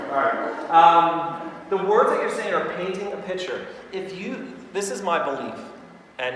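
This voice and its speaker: A man giving a live sales training to an audience, chatty and quick to laugh, full of anecdotes. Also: on the high side, bright, forceful tone, a little hiss or hum. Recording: echoey hall recorded from far off.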